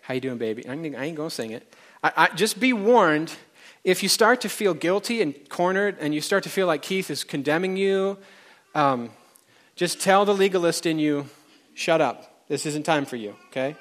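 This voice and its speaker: A man's voice: on the high side, lively intonation, normal speed, fairly bright tone. A man preaching a conversational sermon to a live congregation, chatting directly with the people in the room.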